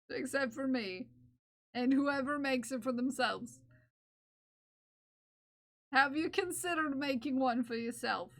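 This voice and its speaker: A woman's voice: high voice, a little slow, a bit bright. A young woman streaming live and chatting with viewers in a playful, teasing way, laughing often, recorded on close microphones. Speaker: livestreamer who crochets. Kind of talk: casual livestream chat reading viewer comments. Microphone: close ASMR microphones.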